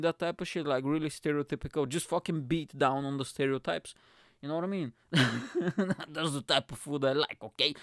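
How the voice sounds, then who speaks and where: Animated, profane ranting man. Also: fairly high pitch, a little fast, no echo, clean studio sound. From Bulgaria. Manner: animated, profane, lots of filler phrases. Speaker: podcast host. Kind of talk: comic ranting monologue.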